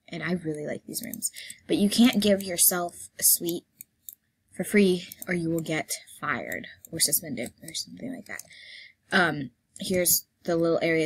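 A hoarse woman with a husky, slightly low voice chats playfully through a game, rambling along with fillers. She keeps clearing her throat as she goes. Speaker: gameplay vlogger. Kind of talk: casual gameplay commentary.

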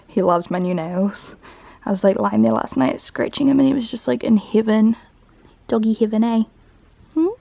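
Twenty-something New woman vlogging at home; chatty, filler-heavy, a bit high with vocal fry. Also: steady tone, normal speed, mellow. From New Zealand. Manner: chatty, lots of "like" fillers, talks to her dog. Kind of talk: casual daily vlog chat. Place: home, indoors.

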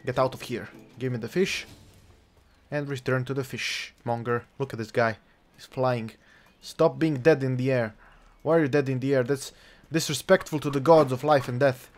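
A man's voice: medium pitch, fairly even intonation, moderate pace. Playful, jokey male gameplay commentator. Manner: playful, jokey, chuckling, mock-outraged swearing. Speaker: gaming channel host. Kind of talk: let's play commentary.

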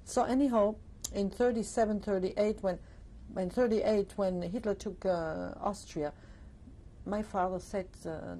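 An older woman from Alsace, giving a reflective testimony interview, pausing often with "uh" and "you see". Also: medium pitch, mellow, slight background noise. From Alsace, France.

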